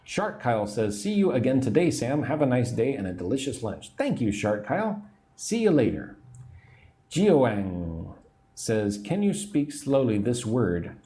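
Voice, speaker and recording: A man teaching English on a livestream, speaking slowly and patiently, repeating phrases and explaining words simply while reading chat comments. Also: medium pitch, big pitch swings, warm tone. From United States.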